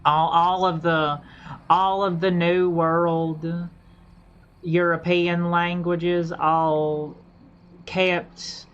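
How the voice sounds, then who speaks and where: A woman streamer chatting casually while gaming, halting and repeating herself as she thinks aloud, on a dull lo-fi mic. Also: lowish voice, flat delivery. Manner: halting, repeats and restarts phrases.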